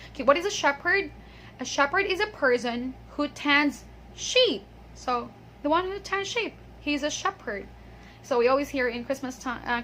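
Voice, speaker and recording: A high, bright female voice leads a pronunciation lesson. She says model words slowly and carefully and checks in often with "okay". A faint hiss of noise sits under the recording. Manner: patient, drawn-out model words and frequent "okay". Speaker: English pronunciation teacher.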